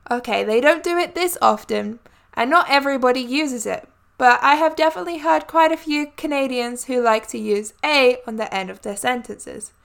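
A woman's voice: high-pitched, normal speed, creaky, fairly bright tone, clear, resonant tone. A woman hosting a solo podcast, talking in a chatty, friendly way with light laughs. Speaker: podcast host.

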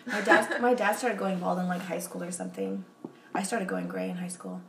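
A woman's voice: lowish voice, fairly quick, gravelly. Giggly young woman in a roomy space. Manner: giggly, rambling, confessional. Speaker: podcast guest. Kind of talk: casual chat. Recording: roomy echo, faint background noise.

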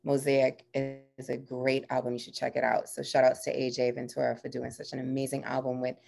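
Low gravelly woman, excitable podcast co-host, laughs a lot. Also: fairly quick, soft background music. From US Virgin Islands. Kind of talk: casual podcast chat.

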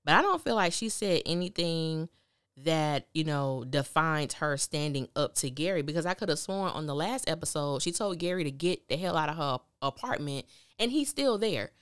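A woman's voice: deep voice, animated, normal speed, a bit bright, clean tone, no room sound, clean studio sound. A woman hosting a podcast, recapping a TV drama in candid, opinionated casual talk and acting out the characters' lines. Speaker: podcast host reviewing a TV drama.

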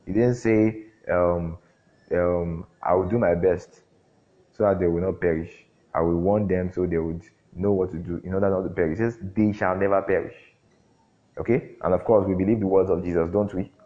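A man preaching a sermon, often throwing questions at the congregation and filling pauses with "um". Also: low voice, fairly even intonation. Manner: call-and-response questions, frequent fillers. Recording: dull lo-fi recording.

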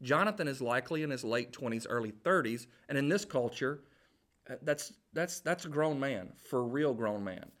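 Animated, lively preacher man. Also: medium pitch, normal speed. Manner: animated, jokey storytelling with acted-out quotes. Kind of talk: sermon.

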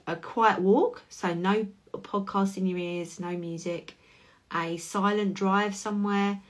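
A woman, hosting a solo podcast in a candid, chatty way, swearing now and then. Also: on the low side. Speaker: podcast host and coach. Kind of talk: casual solo podcast talk.

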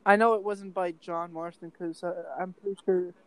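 A man's voice: sits high, flat delivery, moderate pace, a crowd in the background, poor audio. A man chatting casually on a podcast, rambling with many fillers and restarts. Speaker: podcast co-host. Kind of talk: casual chat.

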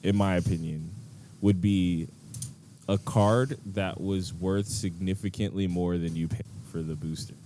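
Low-voiced laid-back man, rambling podcast chat. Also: fairly even intonation, measured pace, dark tone, slight background noise. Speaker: podcast host.

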